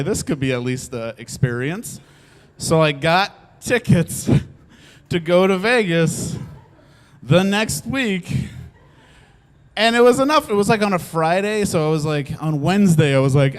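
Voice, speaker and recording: A man's voice: high-pitched, clean tone. A young man telling a funny personal story on stage, laughing often and acting out the voices of the people in it. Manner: animated, laughs often, acts out quotes. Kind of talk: live comedic storytelling.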